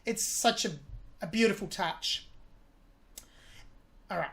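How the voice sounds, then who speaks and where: A woman's voice: mid-range voice, slow, creaky, fairly bright tone. A woman hosting a music reaction video, analysing a singer's vocal technique with admiring commentary.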